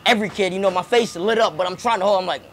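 A young man telling a childhood story in a casual interview, animated and profane, repeating words as he goes. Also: high voice, very fast, a little hiss or hum. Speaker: rapper and comedian, interviewee.

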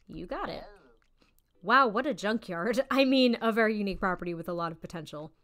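A woman's voice: mid-range voice, lively intonation, brisk, a bit bright. A bubbly young woman giving let's-play commentary with frequent giggles. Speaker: gaming YouTuber.

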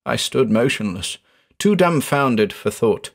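Male narrator for a horror tale, measured and dramatic, pitch moving freely. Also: animated, gravelly. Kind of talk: scripted horror story narration.

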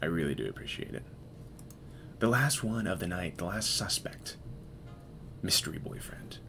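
A man's voice: low voice, animated, normal speed, gravelly, fairly bright tone, a little hiss or hum. A man hosting a live stream, chatting casually and playfully with viewers while he works. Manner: playful, teasing, talks to chat while working.

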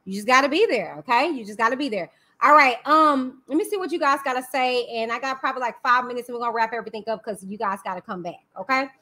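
A woman with a Texan accent hosts a casual livestream, speaking fast with few pauses in a high, bright voice. She talks candidly and energetically right to her viewers, sprinkling in plenty of "y'all" and "you know what I'm saying."

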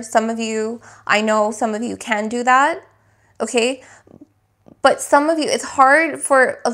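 Slow-spoken woman reading tarot. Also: on the high side, fairly bright tone. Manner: slow, emphatic affirmations; searching for words. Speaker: tarot reader.

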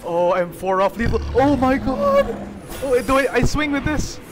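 A young man hosting a gaming video, giving excited live commentary on his own play, shouting and laughing in wild swings between despair and joy, with game music behind him. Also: very high voice, brisk.

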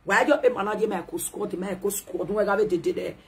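A Nigerian woman ranting in a loud, animated, scolding way, switching between Pidgin and a local language. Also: mid-range voice, fast, slight background noise. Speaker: social media commentator. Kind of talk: ranting live video commentary.

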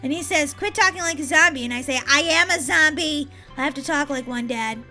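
Brief: woman voicing hyper little girl, high, very bright, chatty game role-play. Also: brisk, faint music behind, full character voice. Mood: excited. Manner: chatty, excitable, talks to herself, giggly. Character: excitable young girl Molly. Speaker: roleplay gamer.

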